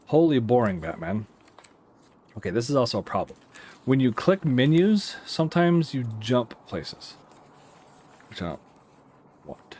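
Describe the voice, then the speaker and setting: A man who works as an air traffic controller, rambling casually while playing a simulator and breaking off to give crisp radio calls. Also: mid-range voice, sing-song, unhurried, long pauses, darkish tone. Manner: rambling, self-interrupting, gives radio calls mid-chat. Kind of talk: casual gameplay commentary.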